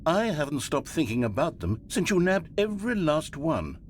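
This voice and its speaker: A man's voice: on the high side, very animated, normal speed, slight background noise. An actor voicing a pleading, wounded narrator figure in a video game, his lines played from the game. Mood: gushing. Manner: pleading, sorrowful, then gushing. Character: British male narrator, pleading, wounded, fussy.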